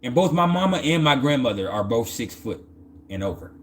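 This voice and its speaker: A man's voice: mid-range voice, big pitch swings, brisk. Male storyteller, mid-range voice, casual, slangy and cussing, lots of stammered restarts. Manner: loose, slangy and profane, with frequent stammered restarts.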